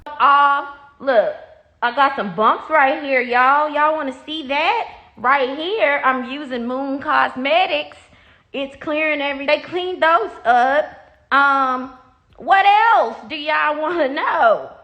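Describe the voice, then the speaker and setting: A woman's voice: sits high, slow pace, pushed and bright. A woman talking casually straight to her followers, blunt and profane, repeating herself when riled. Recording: echoey room.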